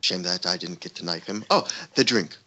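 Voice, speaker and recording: A man in a tabletop game playing his character with a playful, chuckling manner and a husky voice. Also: low-pitched, normal speed, pushed and bright. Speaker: player. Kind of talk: tabletop role-play.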